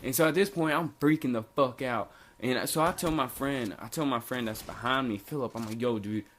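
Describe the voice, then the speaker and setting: A man's voice: mid-range voice, a little fast, a bit bright, a little hiss or hum. A young man casually telling a story from his school days, rambling and slangy with lots of fillers and restarts. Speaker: storytelling vlogger.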